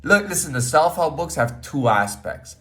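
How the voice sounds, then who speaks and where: This male podcast host speaks at normal speed in a sharp, high-leaning voice with big swings in pitch. His casual monologue wanders and repeats, packed with fillers, restarts, frequent "man," and free-flowing profanity.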